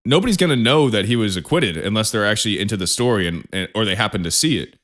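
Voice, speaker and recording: A man's voice: on the low side, lively intonation, fairly bright tone. A young man co-hosting a podcast in casual, laid-back chat, often chuckling. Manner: laid-back, chuckling, quick rattled intro. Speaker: podcast co-host.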